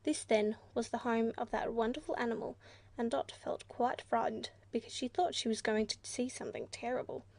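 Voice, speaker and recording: A woman narrates a children's storybook with a clear, measured delivery. Her voice sits high, and the recording is dry and close. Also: steady tone, darkish tone, no room sound. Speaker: audiobook narrator.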